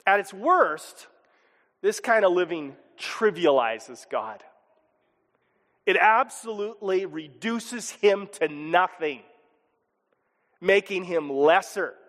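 A man preaching a sermon as pastor, animated and expressive, sometimes chuckling and acting out voices. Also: high-pitched, slow pace, long pauses, long reverb tail.

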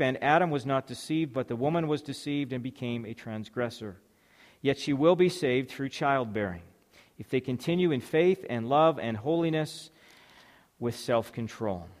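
Man preaching in a reverberant hall. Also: mid-range voice. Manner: reads scripture then explains it step by step, with fillers and restarts. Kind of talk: sermon.

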